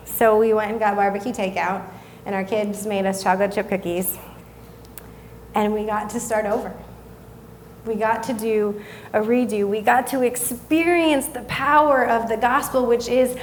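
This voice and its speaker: A woman, giving a sermon as a guest speaker, telling a family story in a chatty, self-deprecating way and softening when she reflects. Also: mid-range voice, steady tone, moderate pace, slight background noise. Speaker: guest speaker at a young adult service.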